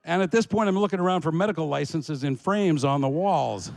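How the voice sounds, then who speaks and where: A man from Alaska telling a comic story about himself, animated and laughing as he goes. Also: on the high side, brisk, gravelly, few pauses, long reverb tail.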